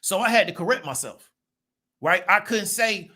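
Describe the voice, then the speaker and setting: A man's voice: high-pitched, lively intonation, brisk, pushed and bright. A man, giving a casual monologue to his viewers and checking in with rhetorical questions. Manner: conversational, rhetorical "right?" check-ins. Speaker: channel host.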